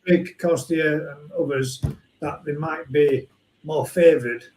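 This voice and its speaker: A man's voice: on the high side, fairly even intonation, slow pace, darkish tone, reverberant, a little hiss or hum, poor audio. A man hosting a casual chat, rambling and trailing off, laughing often. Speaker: host.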